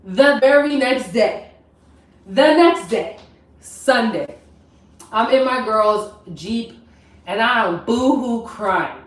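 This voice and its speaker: A woman's voice: on the high side, slow pace, pauses often, far from the mic. Chatty young woman in a roomy kitchen. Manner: chatty, animated, talks straight to viewers. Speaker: vlogger. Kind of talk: casual story time on a live stream. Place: home kitchen. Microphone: camera mic at a distance. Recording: roomy, from off mic.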